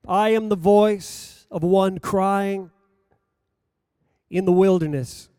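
A man preaching a sermon, reading scripture aloud in a slow, measured delivery that rises for emphasis and drops low at the ends of phrases. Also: fairly even intonation, mellow, clean tone, dry recording, studio quality.

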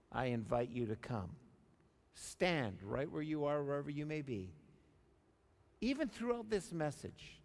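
A male pastor delivering a sermon, moving from soft, intimate appeals to loud, animated preaching. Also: mid-range voice. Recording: long reverb of a large hall.

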